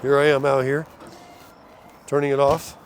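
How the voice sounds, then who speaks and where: Cooking at his RV in an RV park, both inside and outside, an older man talks folksily to camera in a casual vlog. He is tired and slightly out of breath, with a medium-pitched voice, flat delivery and moderate pace against a noisy background.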